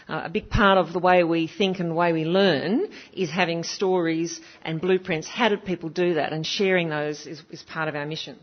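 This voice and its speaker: A woman giving an earnest, heartfelt talk at a conference, with frequent fillers. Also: lowish voice. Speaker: conference speaker. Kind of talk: public speech at a conference. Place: conference hall. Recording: muffled lo-fi recording.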